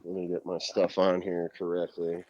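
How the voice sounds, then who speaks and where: A man's voice: deep voice, monotone, moderate pace, lo-fi sound, slight background noise. A man hosting a podcast in casual wrestling chat, telling stories in a rambling, enthusiastic way with lots of fillers. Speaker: podcast host.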